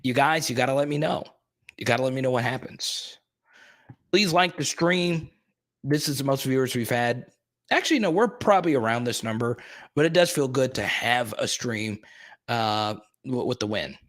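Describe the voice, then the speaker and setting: A man hosting a live sports stream, chatting casually and excitedly with his viewers and often repeating himself. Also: medium pitch, moderate pace. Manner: excitable, talks straight to the chat, repeats himself.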